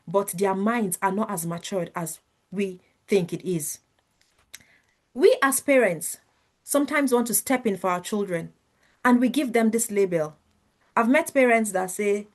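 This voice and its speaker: A woman speaking to parents in an online webinar, telling stories, acting out what people said and repeating phrases for emphasis. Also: fairly high pitch. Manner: animated storyteller who acts out quotes.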